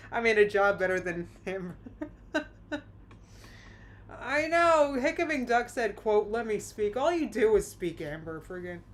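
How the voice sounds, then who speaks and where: A woman's voice: mid-range voice, slow pace, long pauses. A woman hosting a live react stream, chatting casually, exclaiming and reading out viewer comments. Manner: animated, exclaiming, reads chat aloud.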